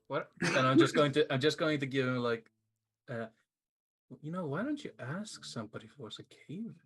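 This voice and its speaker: Husky-voiced male tabletop player. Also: medium pitch, expressive, fairly quick, a bit bright. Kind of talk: casual tabletop game play.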